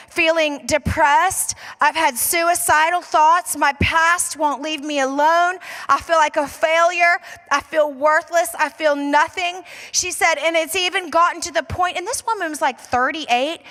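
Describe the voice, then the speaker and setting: A woman pastor preaches in a large church hall, her high voice carrying with a long reverb. She tells her story quickly and casually, then slows down to drive points home. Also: bright, forceful tone. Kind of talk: sermon.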